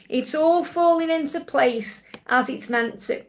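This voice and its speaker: High-voiced woman giving soothing card readings. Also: normal speed, hardly any pauses. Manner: soothing, reassuring, repeats key phrases. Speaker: tarot reader hosting a live Q&A. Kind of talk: live-stream card reading.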